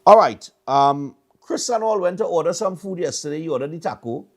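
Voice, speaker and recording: A man's voice: a little high, animated, fairly quick. Trinidadian male host, middle-aged, loose chatty storyteller, repeats himself. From Trinidad and Tobago. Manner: rambling storytelling with stammered repeats. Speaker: morning show host. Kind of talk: casual chat.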